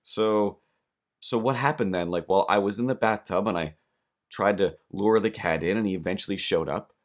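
Deep-voiced man, podcast host, casual comedic monologue, rambling deadpan humor. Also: normal speed. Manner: rambling, deadpan jokes, many restarts.

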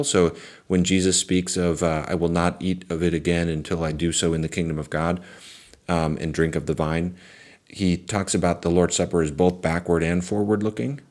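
A male pastor talks through a theological topic in a low, deep voice. He sounds earnest and reflective, often restarting sentences and filling pauses as he thinks aloud. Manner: earnest, thoughtful, with fillers and restarts.

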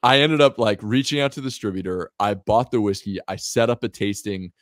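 A man in his thirties, a guest on a podcast, telling a story in a lively, animated way. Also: on the low side, fairly quick, dry recording, clean studio sound. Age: 30s. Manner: animated, lively storyteller who acts out other people's lines and laughs often. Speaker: whiskey brand founder, podcast guest.

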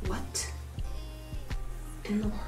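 A young woman vlogging a hair tutorial at home in a casual chat, thinking out loud and rambling, with her morning voice still on. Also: extremely slow, far from the mic. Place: room at home. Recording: echoey room, off-mic, faint music.

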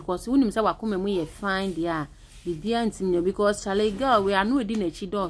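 Ghanaian lady host reading comments, sassy, mid pitch, bit of faint hiss behind. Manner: switches between English and Twi, sassy asides.

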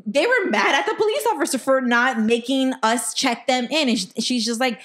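A woman co-hosting a podcast, telling a story in a blunt, profane, animated way. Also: high voice, normal speed. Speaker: podcast co-host. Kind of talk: casual storytelling.

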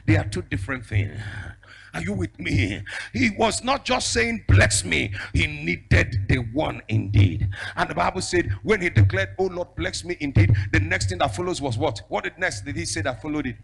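A male evangelist, preaching a fiery sermon with prophetic declarations. He moves between shouted declarations and a low storytelling voice. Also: big pitch swings, moderate pace, gravelly, breathy edge. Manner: bursts into speaking in tongues.

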